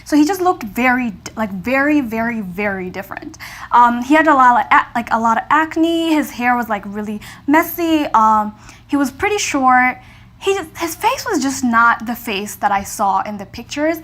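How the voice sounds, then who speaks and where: Young woman vlogger, high voice, animated storyteller, acts out the dialogue. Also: normal speed. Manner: animated, acts out her own reactions in dialogue, slangy asides. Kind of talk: storytime vlog.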